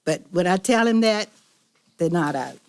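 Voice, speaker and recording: A woman's voice: on the low side, animated, normal speed. A woman telling the board a story about her neighbor during public comment. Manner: storytelling, recounting a dispute. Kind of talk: public comment at a county meeting.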